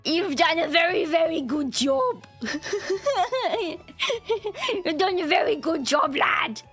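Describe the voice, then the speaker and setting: Girl putting on a loud sweary orc bloke, fake british accent slipping bogan, high voice, music faint behind. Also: slow. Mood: hearty. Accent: put-on British, slipping into Australian bogan. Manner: shouting, swearing, blokey slang. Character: rowdy boisterous male orc lad, British-style.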